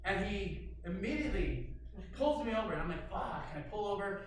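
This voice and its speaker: A man telling a comic personal story on stage, animated, with loud bursts and quiet asides. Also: high-pitched, a little fast, heavy reverb, recorded from a distance, slight background noise, rough recording. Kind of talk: stand-up storytelling.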